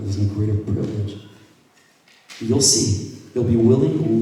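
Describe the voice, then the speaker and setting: A male rabbi telling a story at a gathering, acting out the dialogue and sometimes dropping to a hushed voice. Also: lowish voice, moderate pace. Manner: acts out quoted dialogue, drops to hushed tones. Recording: echoey hall from far off.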